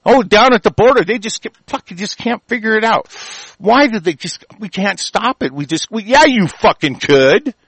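A man's voice: high-pitched, lively intonation, normal speed, a bit bright, husky, no room sound. A man delivering a heated, rambling rant, swearing constantly and stumbling over restarts. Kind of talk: angry profane rant.

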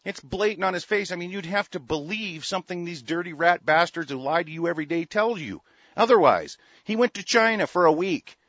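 A man with a high, animated, fairly quick and somewhat bright voice rants angrily about politics like a show host, swearing often and restarting his sentences. His heated, profane delivery is full of restarts. The recording is dry and dull, with a lo-fi quality and no echo.

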